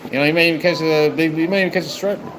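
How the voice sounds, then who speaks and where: A man's voice: on the high side, steady tone, rapid-fire. Rambling, cussing man on a livestream. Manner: profane, rambling, talks to viewers. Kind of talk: rambling live-stream chat. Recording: noisy background.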